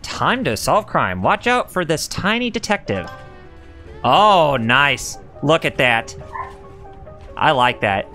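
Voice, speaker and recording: A man streaming a video game, giving chatty, animated commentary full of reactions and jokes. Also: mid-range voice, slow pace, soft background music. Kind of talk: casual let's-play commentary.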